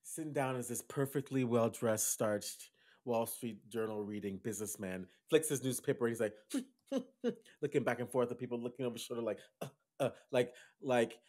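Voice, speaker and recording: A man co-hosting a podcast, telling a story theatrically, switching between loud bursts and hushed asides. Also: mid-range voice, moderate pace. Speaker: podcast co-host.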